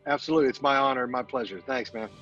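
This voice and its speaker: A man's voice: medium pitch, rapid-fire, dull audio. A man, a military veteran, answering interview questions casually with many fillers and restarts.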